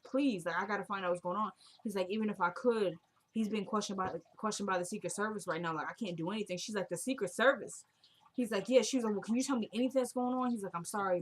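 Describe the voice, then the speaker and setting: A woman with a medium-pitched voice casually recaps a TV drama episode. She retells the scenes and quotes the characters in a chatty, opinionated way.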